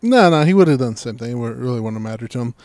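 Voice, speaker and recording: A man's voice: mid-range voice, racing, no room sound. A young man in casual chat, telling a story with lots of swearing and acting out what people said. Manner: profane, animated storytelling, voices quoted people.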